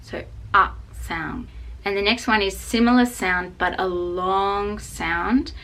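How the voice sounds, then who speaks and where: A woman with an Australian accent teaching English pronunciation, saying each example word slowly and repeating it. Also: medium pitch, steady tone, bright, forceful tone. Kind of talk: pronunciation lesson.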